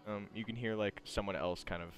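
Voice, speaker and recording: A man's voice: lowish voice, steady tone, fairly quick. A young man narrating casually as game master, loose and rambling with frequent laughs.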